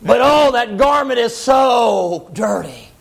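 A man preaching with a very high voice, piling up vivid words in long repetitive lists. He tells the story dramatically and often breaks into shouts. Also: expressive, takes it slowly, vocal fry. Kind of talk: sermon.

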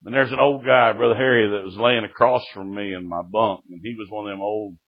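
Middle-aged preacher, fervent testimony with frequent amens, tinny lo-fi recording. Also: male voice, on the low side, steady tone, brisk, husky. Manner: fervent storytelling, punctuated with "Amen". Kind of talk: sermon testimony. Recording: tinny lo-fi phone-like sound.

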